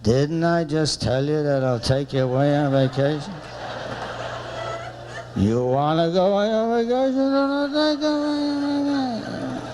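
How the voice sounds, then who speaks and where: A man's voice: on the high side, measured pace, long pauses, noisy background, lightly acted. A man voicing a meek, mumbling middle-aged husband placating his wife.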